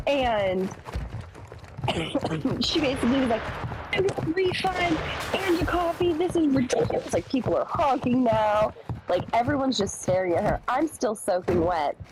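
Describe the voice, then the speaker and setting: A woman's voice: mid-range voice, background noise. A young woman streamer telling a work story in casual chat, acting out the people she quotes. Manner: animated, acts out quoted voices. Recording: music playing behind.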